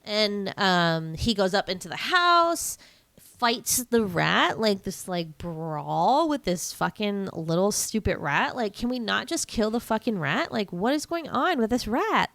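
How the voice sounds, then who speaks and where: Chatty swearing woman, smooth dry voice. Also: medium pitch, very animated, a little slow, fairly bright tone, no echo. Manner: chatty, swears freely, laughs often, many fillers. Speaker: podcast host. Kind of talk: casual chat retelling a film.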